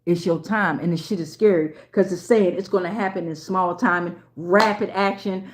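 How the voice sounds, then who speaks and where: A woman's voice: lowish voice, fairly even intonation, normal speed, reverberant, noisy background. A woman giving a casual tarot reading to a phone camera, slangy and emphatic, often repeating herself. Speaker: tarot reader.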